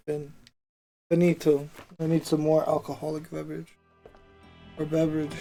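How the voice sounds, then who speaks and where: Man reading a story aloud, measured, occasional stumbles, even-toned, mellow. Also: on the high side, vocal fry, faint music behind, low-quality recording. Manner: measured reading with small slips and asides.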